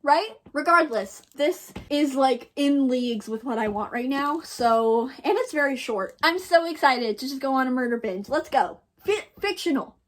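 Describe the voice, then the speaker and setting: A woman's voice: high voice, moderate pace, hardly any pauses. A young woman from the United States chatting casually in a book vlog, gushing and full of "like" fillers. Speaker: book vlogger.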